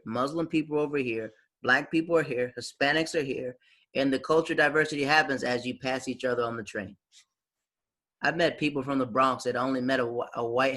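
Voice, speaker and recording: A man in his thirties from the Southern United States, telling stories in casual podcast chat and acting out the quotes. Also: mid-range voice. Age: 30s. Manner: animated, acts out quotes, frequent restarts. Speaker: podcast host.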